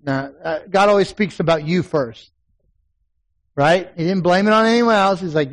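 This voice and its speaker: A man's voice: high-pitched, moderate pace, rough recording. A man in his forties preaching a sermon in a church, telling folksy personal stories and building to emphatic points. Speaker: pastor. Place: church sanctuary with a congregation.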